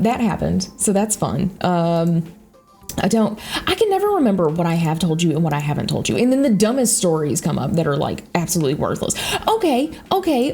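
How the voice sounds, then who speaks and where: A young woman with a Southern US accent, rambling through casual stories while she plays a game, swearing freely. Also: mid-range voice. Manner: rambling, animated, swears freely, frequent laughter. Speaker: YouTuber. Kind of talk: casual storytelling chat.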